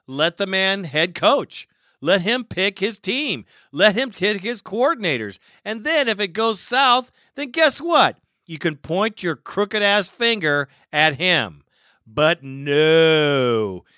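A man's voice: high-pitched, sharp tone, smooth, no echo, clean studio sound. A man delivering a heated, profane sports rant as a fan and commentator.

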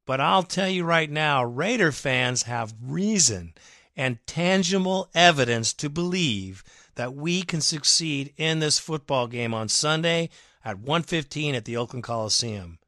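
A man's voice: on the high side, lively intonation, measured pace, no room sound, studio quality. Fired-up man ranting on a fan podcast. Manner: emphatic, rallying, sarcastic rant with sudden loud bursts. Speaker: podcast host.

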